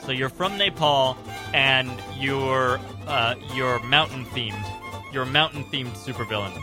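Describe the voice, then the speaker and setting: A man hosting a college radio comedy show, bantering in a dry, deadpan way. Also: mid-range voice, unhurried, music in the background.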